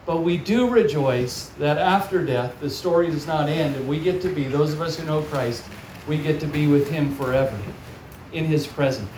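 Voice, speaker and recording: A man's voice: a little high, moderate pace, slight background noise. Man preaching in an echoey hall. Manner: warm storytelling, animated in acted quotes. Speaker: guest preacher. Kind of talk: sermon. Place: large hall or church, audience present. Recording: echoey hall, picked up from far off.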